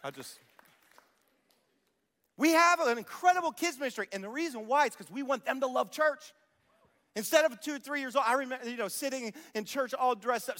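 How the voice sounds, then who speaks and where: Middle-aged male preacher, bright forceful voice, lively rhetorical sermon delivery in a reverberant church. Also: extremely high pitch, quick pace, some chatter behind. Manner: animated storytelling, rhetorical questions to the congregation. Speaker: pastor. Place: church sanctuary.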